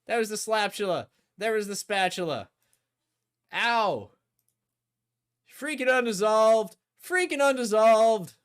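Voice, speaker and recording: Man putting on a goofy streamer voice, high, loud, bouncing all over, comic impression. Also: very animated, unhurried, heavily acted. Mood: hyped.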